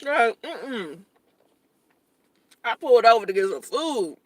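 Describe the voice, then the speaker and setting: A woman's voice: a little high, big pitch swings, takes it slowly, a little mellow, dry recording. A woman in her late thirties hosting a casual livestream, eating and talking with her mouth full, blunt and profane. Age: 30s. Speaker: livestream host.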